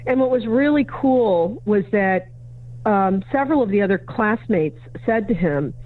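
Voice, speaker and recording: A woman with a medium-pitched, lively voice speaks unhurriedly as a podcast guest, an educator and consultant telling a story in conversation. She acts out both sides of a dialogue, playing each remembered voice. The remote interview comes through as narrow, phone-like audio.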